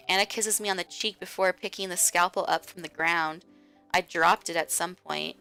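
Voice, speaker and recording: A woman streamer reading a visual novel aloud in a slow, hushed way. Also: fairly low pitch, steady tone, gravelly, clean tone, soft background music. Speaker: game streamer.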